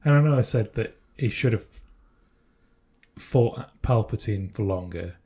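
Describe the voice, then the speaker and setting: Low husky-voiced man. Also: lively intonation, a little slow, mellow. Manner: speculative, reasons things through step by step. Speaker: podcast co-host. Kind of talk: casual chat.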